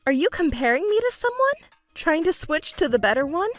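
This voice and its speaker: A woman's voice: extremely high pitch, very animated, brisk, no room sound, soft background music, voice pushed up. A woman voicing a young overworked fiancée who pleads and argues back defensively. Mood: pleading. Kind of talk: texting story voice acting.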